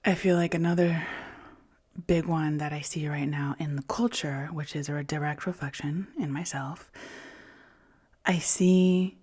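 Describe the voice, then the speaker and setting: A woman hosting a podcast, speaking in a candid, reflective monologue that often drops into soft whispers, with casual swearing. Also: low voice, steady tone, unhurried, breathy edge. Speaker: podcast host.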